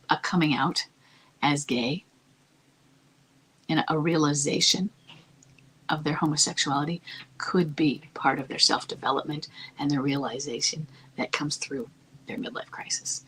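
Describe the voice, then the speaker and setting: A woman giving marriage-coaching advice in a soft, calm, often near-whispered delivery that stays earnest and reassuring. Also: low-pitched, a little hiss or hum, low-quality recording. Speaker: marriage coach answering a listener's question. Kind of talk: advice talk.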